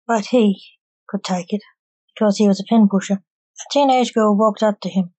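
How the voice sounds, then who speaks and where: Mellow woman reading a story aloud. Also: mid-range voice, normal speed, no room sound, lo-fi sound.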